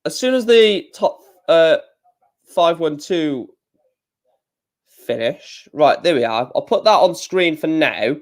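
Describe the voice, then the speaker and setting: Male streamer, slightly raised pitch, casual rambling score updates. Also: animated, takes it slowly, pauses often. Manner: chatty, reads out scores and chat, many fillers. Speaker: live stream host. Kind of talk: casual live-stream commentary.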